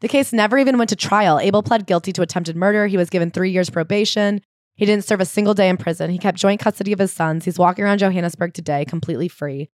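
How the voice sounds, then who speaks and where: A woman co-hosting a casual book podcast, retelling a story with animated acted-out quotes and frequent swearing. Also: mid-range voice, fast, dry recording, studio quality. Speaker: podcast co-host. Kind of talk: casual book-recap chat.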